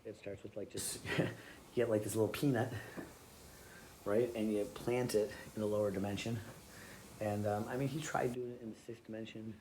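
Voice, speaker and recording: A man's voice: on the low side, fairly even intonation, normal speed, darkish tone, a little hiss or hum, poor audio. A man telling a loose, rambling comic story in a casual way, full of fillers and restarts.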